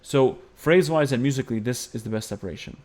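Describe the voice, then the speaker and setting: A man's voice: medium pitch, quick pace, darkish tone. A man teaching Byzantine-style chant phrasing, explaining patiently and singing short phrases to demonstrate. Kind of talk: music lesson with sung demonstrations.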